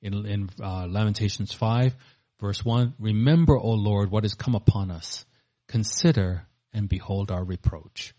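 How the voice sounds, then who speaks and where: Husky male preacher reading scripture. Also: on the low side, unhurried, mellow. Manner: reads scripture aloud with rising force between plain commentary.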